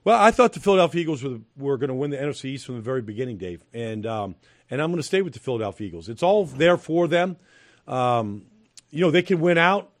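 This middle-aged man talks fast and expressively at a medium pitch while analyzing football as a guest in the studio. He's emphatic, repeats himself, and uses fillers, with no room sound in the recording.

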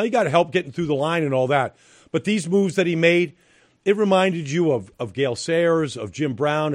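A man's voice: fairly high pitch, no echo. A middle-aged man giving football analysis as a studio guest, talking emphatically with repeated phrases and fillers. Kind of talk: studio sports analysis chat.

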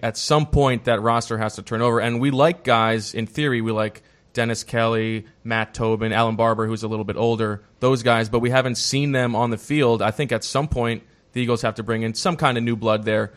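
A man's voice: medium pitch, steady tone, fairly quick, fairly bright tone. A man hosting a casual sports discussion, steering the conversation and setting up topics and questions. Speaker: show host.

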